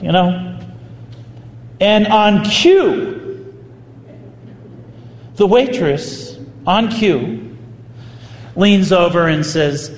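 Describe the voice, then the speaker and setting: A man, a priest, telling a story in a sermon with animated, vivid delivery. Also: high voice, extremely slow, pauses often. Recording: echoey hall, faint ambience.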